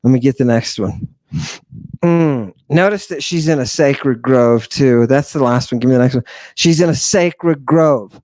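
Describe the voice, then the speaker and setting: A man's voice: medium pitch, a little slow, a little mellow, no echo. A man giving a casual, irreverent lecture, joking and cutting himself off mid-thought. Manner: irreverent, joking, talks over himself and restarts.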